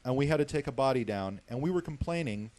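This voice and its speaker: A man, a hospital security guard, telling stories casually on a talk show, profane and animated, leaning on the word basically. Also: mid-range voice, quick pace. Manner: profane, animated storyteller, many fillers like "basically".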